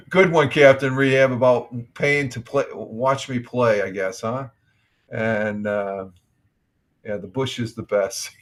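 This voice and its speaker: A middle-aged man hosts a relaxed morning livestream in an easy, rambling way. He greets viewers as he reads their chat messages aloud and often stumbles and restarts his sentences. His voice sits at an ordinary middle pitch for a man. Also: slow, long pauses. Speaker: livestream host.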